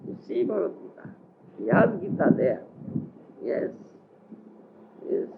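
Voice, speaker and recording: A man's voice: fairly high pitch, wildly swooping pitch, a little slow, gravelly, phone-quality sound, a little hiss or hum. A man giving a scripture lecture, often checking whether his listeners follow him, on an old lecture tape. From India. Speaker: spiritual teacher.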